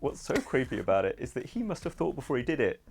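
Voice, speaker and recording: A man's voice: medium pitch, big pitch swings, fast talker, creaky, darkish tone, soft background music. A man hosting a radio show as movie critic, chatting in a jokey, playful way. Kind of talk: casual chat. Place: radio studio.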